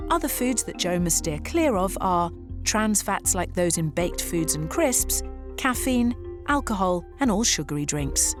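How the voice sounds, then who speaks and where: A woman narrates a documentary in a clear, measured voice-over, her pitch rising and falling freely. Steady music plays underneath her. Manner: clear, measured explanatory delivery. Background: background music.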